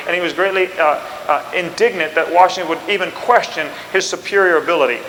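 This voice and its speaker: A man telling a history story in an animated way, acting out scenes and commands. The sound has a long reverb. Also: sits high, fast talker, few pauses, slight background noise.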